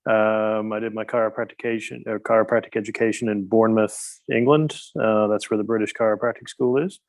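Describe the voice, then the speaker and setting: Low, flat-voiced man. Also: fast. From Newfoundland, Canada. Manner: rambling, hesitant, many fillers. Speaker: guest. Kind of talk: casual interview chat.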